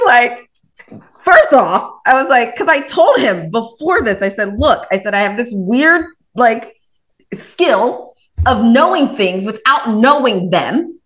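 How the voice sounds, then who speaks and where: A woman's voice: medium pitch, takes it slowly. A woman, a podcast guest, telling a personal story casually, acting out the back-and-forth dialogue. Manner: animated, retells her own dialogue with lots of "I was like". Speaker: podcast guest, author and reiki practitioner.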